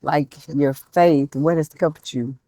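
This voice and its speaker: Slow-spoken woman host with a mellow voice. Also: deep voice, steady tone, no echo. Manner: soft affirming interjections. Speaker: talk show host. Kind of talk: interview.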